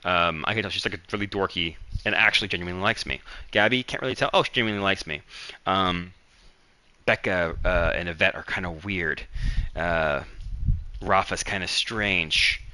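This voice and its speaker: Rambling man with a bright, low voice. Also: no room sound, low-quality recording. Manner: rambling, gossipy, quick to act out coworkers. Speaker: livestream host. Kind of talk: casual storytelling chat.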